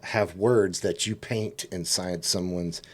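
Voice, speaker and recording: Animated Southern man telling stories. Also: deep voice, slow pace. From East Texas and Oklahoma. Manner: animated, laughing, puts on voices for quotes. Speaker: podcast guest. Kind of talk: casual storytelling.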